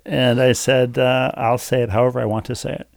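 A middle-aged man with a gravelly, fry-edged voice reads a listener's letter on a podcast, dry and playfully wordy. The sound is close and dry, with no room echo. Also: mid-range voice, level tone, brisk. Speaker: podcast co-host. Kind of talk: casual podcast chat, reading listener email.

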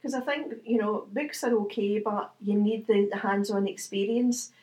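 A middle-aged Scottish woman chats through her stories in a relaxed interview. She is a medium by trade. She tells her tales with energy, often putting on the voices of the people in them and breaking into laughter. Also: medium pitch, normal speed. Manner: chatty, animated anecdotes with quoted voices and laughter. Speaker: guest, medium. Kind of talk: casual interview storytelling.

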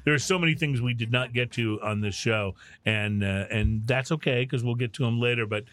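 A man in his sixties hosting a casual beer-tasting chat show, relaxed and quick to laugh. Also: medium pitch. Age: 60s. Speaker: podcast host.

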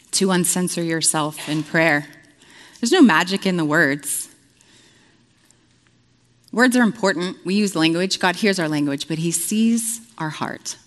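A woman's voice: fairly low pitch, a bit bright. Earnest woman preaching in a reverberant hall. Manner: earnest, storytelling, with frequent fillers. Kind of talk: conversational sermon.

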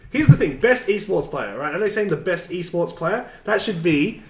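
A man co-hosting a podcast in casual chat. He is opinionated, runs through the segments and gets lively when he argues a point. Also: high voice, normal speed, background noise. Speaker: podcast co-host. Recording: echoey room.

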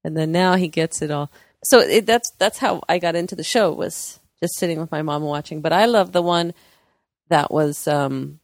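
A woman co-hosting a podcast, telling chatty stories and acting out the quotes, with a creaky voice. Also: low voice, a little mellow, no room sound, clean studio sound. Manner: chatty storyteller, acts out quotes. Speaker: podcast co-host. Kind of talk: casual chat.

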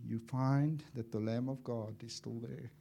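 A man preaching a sermon as an evangelist, impassioned and swinging from loud to hushed, acting out little dialogues as he tells stories. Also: mid-range voice, steady tone, measured pace, vocal fry, slight background noise. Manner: acts out dialogue in storytelling.

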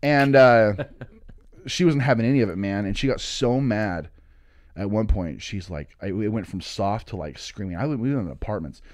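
Man in his thirties, comic storyteller, mid-pitched, dry close mic, swearing and voicing quotes. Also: normal speed, no room sound. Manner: animated, swearing, acting out quotes. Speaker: comedian guest. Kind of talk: casual storytelling. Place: studio.

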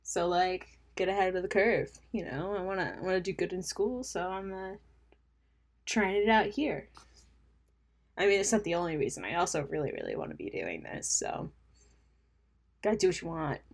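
Creaky and lowish, this young adult podcast host's voice is animated and moves at a moderate pace with frequent pauses. Alone on her casual show, she rambles, makes fun of herself, cracks up at her own jokes and trails off into mumbled asides.

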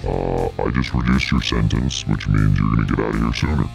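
A man playing Lucifer, a petty male devil boss who makes up hell's rules as he goes, speaking slowly and stalling in a comedy sketch. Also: very deep voice, creaky, darkish tone, soft background music, heavily acted. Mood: smug. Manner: slow, stalling, making up rules.

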